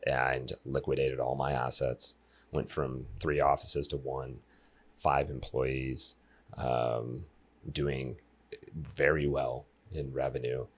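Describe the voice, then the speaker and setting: A man in his thirties, a life coach guest on a podcast, telling stories in a lively, casual way and talking straight to the listeners. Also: extremely low pitch. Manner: animated storyteller who addresses listeners directly.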